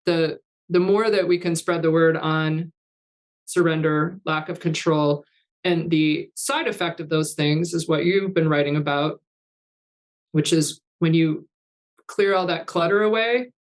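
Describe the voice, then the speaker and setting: Rambling, anecdotal woman in her fifties. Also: deep voice. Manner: rambling, anecdotal, laughs often. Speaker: guest, artist coach. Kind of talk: casual interview chat.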